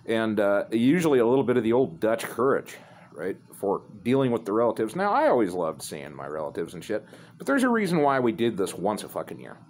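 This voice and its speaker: A man's voice: lowish voice, big pitch swings, a little fast, a little mellow. A man telling a rambling, profane story in a laid-back, casual way.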